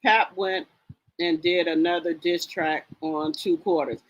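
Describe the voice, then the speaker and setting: The gossip-streaming woman speaks at medium pitch and normal speed, expressively, over poor audio. She casually comments on gossip, reads the chat out and greets viewers by name with sassy chattiness.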